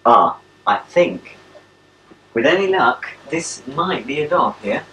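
A man's voice: a little high, very animated, slow pace, sharp tone. A young English man chatting playfully to a pen pal on a home video, cooing at his dogs. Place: at home, indoors. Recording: old home video, distant mic, faint hiss.

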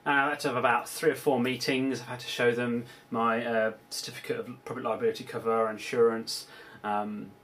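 A man's voice: mid-range voice, flat delivery, brisk, a bit bright. A British man giving a casual video diary as a film producer, rambling with many ums and restarts. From United Kingdom. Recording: distant mic with faint background hiss.

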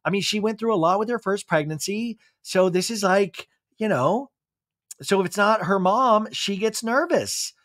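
A man putting on a chatty young mother who rushes and hesitates. It stays close to his own voice, dry and near the mic. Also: high-pitched, lively intonation, fairly bright tone, no echo, pitched above the performer's own voice. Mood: explaining.

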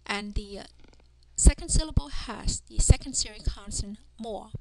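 A woman's voice: medium pitch, gravelly. A woman teaching a language lesson, carefully sounding out letters and words one at a time. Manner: careful, deliberate pronunciation of drilled sounds. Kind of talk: slow instructional language lesson. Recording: noticeable background noise.

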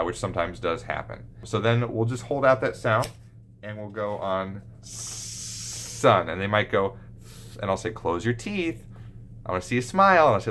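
A male pediatric speech therapist talks to the camera in an instructional way, explaining speech sounds and demonstrating sounds and lisps with exaggerated examples. His voice is low with a fairly bright tone, and there's slight background noise.

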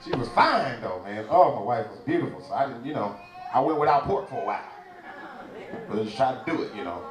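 A man performing stand-up comedy at a church event, telling his jokes in an animated, playful way. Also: medium pitch, brisk. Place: church event stage before a live audience. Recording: roomy, distant sound with audience laughter.

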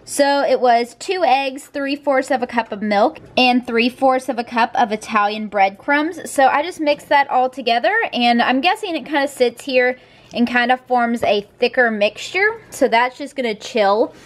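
A young woman with a drawl talks through her day in a relaxed, chatty vlog voice. Her pitch sits a little high, and she drifts easily from cooking steps to fond asides. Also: normal speed. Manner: chatty, talks baby-talk to her dogs. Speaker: vlogger. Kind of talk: casual vlog narration.

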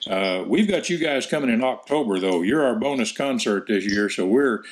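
A man's voice: medium pitch, lively intonation, moderate pace, a little hiss or hum. Friendly man hosting a chatty interview. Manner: friendly, rambling, many restarts. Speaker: host, gospel quartet member. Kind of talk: casual interview.

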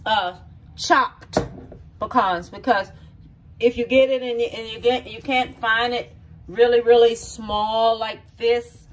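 Recorded from afar with slight background noise, a middle-aged country woman casually demonstrates a recipe at home, guiding viewers step by step in a warm, folksy manner. Her voice is medium in pitch.

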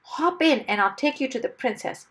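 A woman voicing a brisk, cheerful little gnome who flies an airplane. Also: high-pitched, animated, a bit bright, pitched above the performer's own voice. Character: brisk little long-nosed gnome pilot.

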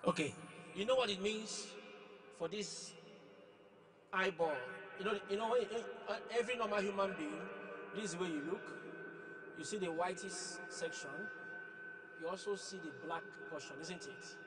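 A man's voice: high voice, normal speed, pauses often. A male pastor preaching emphatically and questioning a testimony giver, repeating words to stress his points. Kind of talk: sermon with live testimony questioning. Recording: noisy church hall with long echo.

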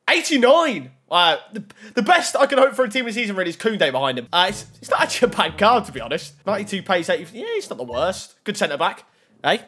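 A young man commentating on opening video game card packs, reacting loudly and excitedly to each card. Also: high voice. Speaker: gaming YouTuber.

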